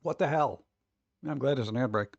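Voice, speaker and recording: A man's voice: mid-range voice, fairly quick, creaky, no room sound, dull audio. Rambling, swearing male streamer. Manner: rambling and profane, often laughing. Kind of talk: casual live-stream chat.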